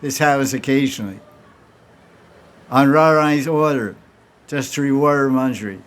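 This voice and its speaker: A man's voice: mid-range voice, moderate pace. A man giving a devotional talk, telling stories and acting out the characters' dialogue, with many restarts. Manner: acts out dialogue between characters in storytelling; frequent restarts and repeated words. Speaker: spiritual teacher.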